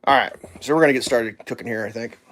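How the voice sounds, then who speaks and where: A man's voice: medium pitch, quick pace. A young man casually telling a story while cooking breakfast, acting out the voices of the people in it. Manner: animated, acts out quoted voices. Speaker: vlogger.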